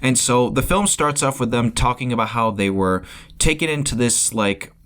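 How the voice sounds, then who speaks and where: A man's voice: medium pitch, normal speed, fairly bright tone. A man giving a casual spoiler review of a film, rambling as he goes, often repeating words and restarting sentences. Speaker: movie reviewer.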